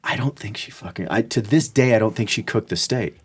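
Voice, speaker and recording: A man's voice: fairly low pitch, brisk, husky. A man, a podcast guest, casually telling anecdotes in a laid-back way and acting out the people in them. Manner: laid-back anecdotal, animated when quoting others. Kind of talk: casual chat, storytelling.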